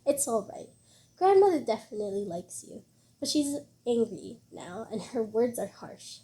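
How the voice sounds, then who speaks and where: A gentle, torn middle-aged father, read by a woman, who speaks softly and quietly to reassure his daughter. His voice is a little lowered, warm and mellow. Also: sing-song, normal speed. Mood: reassuring.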